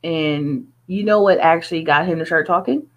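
A woman's voice: deep voice, normal speed, fairly bright tone, highs cut off. A woman who is a music artist, talking in an earnest, chatty way with many fillers in a casual interview.

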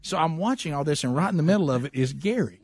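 A man hosting a radio show, telling a story in a casual, animated way with lots of restarts. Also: a little high, fast, dry recording, studio quality.

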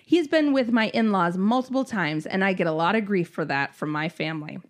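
A young woman reading a personal story aloud in a sarcastic, animated way. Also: medium pitch, a little fast.

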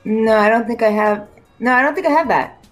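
A woman's voice: fairly high pitch, fairly quick, faint music behind. A woman playing a tabletop game, speaking hesitantly while she checks her stats. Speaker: player.

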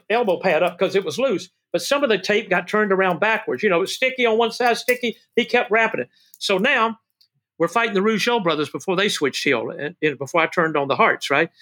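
An older man, a guest telling wrestling stories in an excitable, animated way. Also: high-pitched. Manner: excitable, shouts "woo", calls people baby and brother. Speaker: guest, former wrestling manager. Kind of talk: animated storytelling interview.

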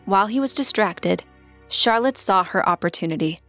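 A woman narrating a scripted true-crime story as podcast co-host, in a steady storytelling delivery. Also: medium pitch, normal speed, faint music behind.

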